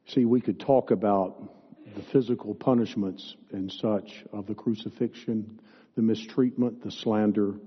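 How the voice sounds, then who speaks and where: A man preaching a sermon as pastor, speaking in an earnest, deliberate way, recorded in a church sanctuary on a dull lo-fi recording with long reverb. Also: on the low side, steady tone, slightly rough.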